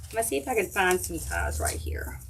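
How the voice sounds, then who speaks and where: A woman's voice: lowish voice, wildly swooping pitch, brisk, vocal fry. A middle-aged woman, chatting casually with viewers while she demonstrates a craft project on a livestream. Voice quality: chatty, folksy, talks straight to viewers while working. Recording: faint background noise and clicks.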